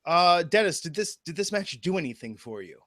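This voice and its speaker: A man's voice: fairly high pitch, big pitch swings, brisk, a bit bright, dry recording, clean studio sound. A man hosting a casual wrestling podcast, steering the talk and turning questions over to his co-hosts. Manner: leads the talk and hands the floor to co-hosts. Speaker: podcast host.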